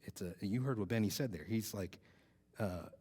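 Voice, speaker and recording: A man's voice: fairly low pitch, moderate pace, dark tone, breathy edge. A man gives a casual youth sermon in a loose, rambling manner, sprinkling "like" and "uh" through what he says. His voice rings out with a long hall reverb. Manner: loose, rambling, lots of "like" and "uh", chuckles. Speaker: youth pastor.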